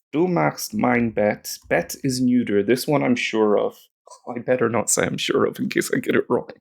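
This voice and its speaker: A man's voice: medium pitch, gravelly. An Irish man thinking aloud as he works through German app lessons, rambling and joking at himself. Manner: rambling, self-mocking, talking to himself. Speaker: German-learning video creator.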